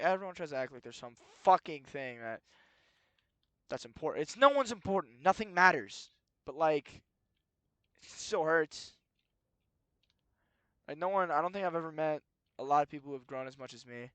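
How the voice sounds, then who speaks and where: A young man ranting in a rambling, profane solo monologue, moving between low muttering and heated outbursts. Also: a bit bright, no room sound. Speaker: solo podcast host. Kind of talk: rambling late-night monologue.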